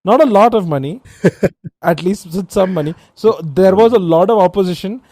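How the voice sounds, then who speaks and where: Male trivia co-host, playful and animated, a touch high-pitched, warm. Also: normal speed, no room sound, clean studio sound. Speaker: podcast co-host. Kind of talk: casual trivia chat.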